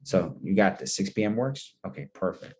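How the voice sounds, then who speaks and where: Low, mellow-voiced man coaching call scripts. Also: sing-song, moderate pace. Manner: coaching, repetitive, acts out both sides of calls. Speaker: sales trainer. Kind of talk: instructional role-play of phone calls.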